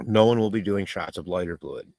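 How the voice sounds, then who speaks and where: A man's voice: low voice, brisk, creaky, darkish tone, no echo. A middle-aged man chatting casually on a live stream while he cooks, reading viewer comments aloud and laughing often.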